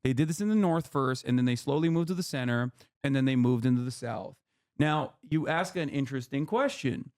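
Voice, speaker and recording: A male streamer explaining politics in a heated, animated, profane way. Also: medium pitch.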